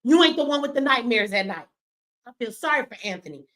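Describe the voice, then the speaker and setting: A middle-aged woman with a somewhat high voice delivers heated livestream commentary. She talks bluntly and with a lot of profanity, lecturing her listeners in a preachy way. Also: animated, brisk, fairly bright tone. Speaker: streamer and commentator.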